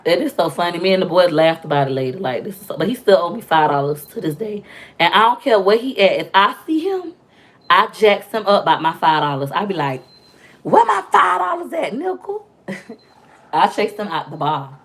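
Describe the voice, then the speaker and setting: Loud, chatty young woman livestreaming. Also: lowish voice, brisk. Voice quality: loud, talkative. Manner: animated storytelling with playful voices for quotes. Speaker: livestream host. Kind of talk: casual live-stream chat with viewers.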